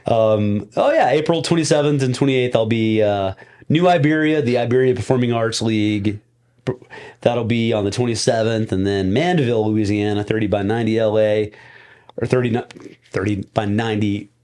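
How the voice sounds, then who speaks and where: A man's voice: fairly low pitch, moderate pace, darkish tone. A man co-hosting a casual podcast, an easygoing comedian who mostly agrees and rambles through his plans. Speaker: podcast co-host, touring comedian. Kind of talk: casual chat.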